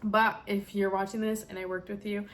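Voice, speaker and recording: A woman's voice: mid-range voice, level tone, brisk, fairly bright tone. A young woman vlogger chatting casually and emotionally to camera, with plenty of fillers. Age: young adult. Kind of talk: casual chat.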